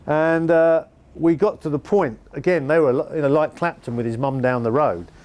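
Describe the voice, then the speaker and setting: A man's voice: on the high side, steady tone, moderate pace, a little mellow. A man with an English accent, a former band manager and music promoter, telling anecdotes in a wry, dryly humorous way. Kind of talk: anecdotal storytelling interview.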